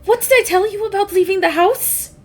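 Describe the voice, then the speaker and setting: A woman voicing a worried young female cat-folk who scolds her little brothers with sharp exclamations. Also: extremely high pitch, brisk, pitched above the performer's own voice. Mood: scolding.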